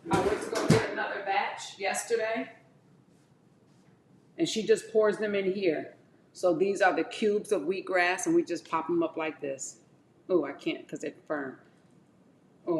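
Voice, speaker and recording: A woman chatting casually to her viewers as she juices and drinks wheatgrass shots, calling them y'all and talking in animated bursts. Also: fairly low pitch, roomy sound, slight background noise. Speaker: wellness vlogger. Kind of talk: casual chat to camera.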